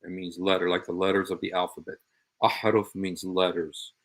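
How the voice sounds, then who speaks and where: A man's voice: low-pitched, level tone, normal speed. A man hosting a show, commenting on played clips, sarcastically repeating quoted phrases and speaking directly to an absent opponent. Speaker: show host.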